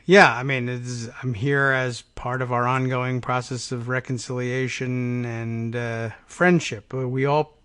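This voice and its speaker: A man hosting a casual political talk show, agreeing often and retelling news with quick quoted asides. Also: mid-range voice, little pitch movement, fairly bright tone, smooth. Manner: agreeable, chuckling, slips into quoted voices. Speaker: radio talk show host.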